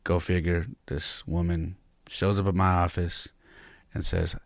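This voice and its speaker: A man's voice: low-pitched, little pitch movement, unhurried, vocal fry, dry recording. A man in his thirties, a podcast host, candidly telling a personal story in a reflective, heartfelt way.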